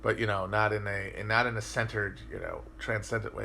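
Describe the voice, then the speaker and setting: A man's voice: lowish voice, level tone, a little fast, gravelly, few pauses, sharp tone. A man hosting a podcast livestream, chatting casually and answering viewer comments, rambling and swearing as he thinks aloud with frequent restarts. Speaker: podcast host.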